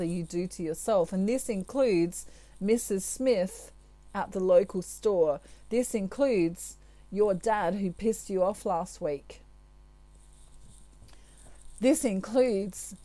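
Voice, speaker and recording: A woman, a tarot reader, giving spiritual advice to her viewers in a chatty, gentle way with asides. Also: medium pitch, no room sound.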